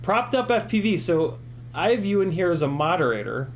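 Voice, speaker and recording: A man's voice: sits high, sing-song, a little fast, slight background noise. A man hosting a casual live stream, reading viewer comments and answering them in an earnest, encouraging way with many fillers.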